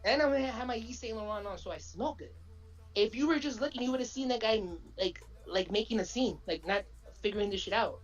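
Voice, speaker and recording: A woman chatting casually as a podcast co-host, telling a story in an animated way, with lots of slang and swearing. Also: fairly high pitch, brisk, muffled recording.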